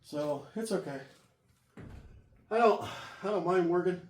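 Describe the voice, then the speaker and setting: A man with a high voice narrates casually as he unloads a trailer of car parts outdoors, panting and pausing for breath. He sounds distant from the camera, with echo and steady background noise around him. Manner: talks while lifting and hauling, breathy pauses. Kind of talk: casual narration while working. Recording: echoey, distant camera audio with clear noise.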